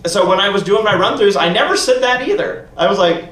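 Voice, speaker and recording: A man hosting a fan convention panel, telling a story in a lively way, acting out quotes and laughing often. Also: high voice, fast talker, a crowd in the background. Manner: animated, laughing, acts out quotes. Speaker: panel host. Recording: echoey room from far off with faint noise.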